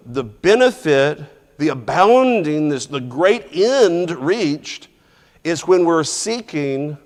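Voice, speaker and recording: A man teaching a Bible class verse by verse in a loose, conversational way, restarting phrases and putting questions to the class. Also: on the high side. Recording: long reverb from a large hall.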